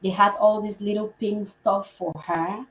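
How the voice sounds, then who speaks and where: A woman who works as a healthcare provider, telling a story in a lively conversational way and acting out the dialogue as she goes. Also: medium pitch, a little slow. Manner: animated, acts out quoted dialogue. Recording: roomy echo.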